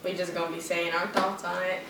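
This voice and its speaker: A woman's voice: on the low side, level tone, a little fast, far from the mic. Chatty young woman in an echoey room. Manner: upbeat and chatty, laughs often. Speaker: podcast co-host. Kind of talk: casual family chat during a food-eating video. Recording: echoey room, voice off-mic, light hiss.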